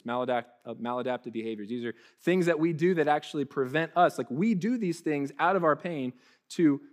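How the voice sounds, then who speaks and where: A young man preaching a sermon in a lively, conversational way, often restarting his sentences. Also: on the high side. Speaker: pastor.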